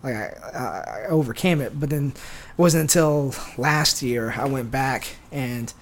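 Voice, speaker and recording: A man's voice: mid-range voice, a little slow. A man from San Diego, a stand-up comedian, chatting as a podcast guest in a loose, rambling way full of fillers and restarts. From San Diego, USA. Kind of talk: casual podcast chat.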